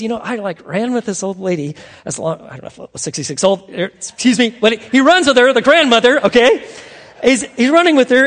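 A male pastor preaching a sermon, telling a story with animated delivery that swings between loud bursts and hushed, earnest asides. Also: high-pitched, long reverb tail.

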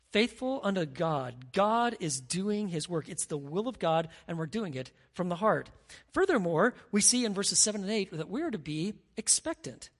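Pastor giving a lively sermon, acts out scenes and keeps asking the room questions, mid-range voice. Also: mid-range voice, husky. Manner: animated, acts out scenes, asks the crowd "right?".

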